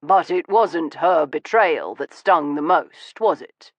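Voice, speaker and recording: A woman voicing a calm, wry Victorian gentleman who speaks in a steady, conversational, probing way. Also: low-pitched, takes it slowly, no room sound, heavily acted. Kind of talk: audiobook reading.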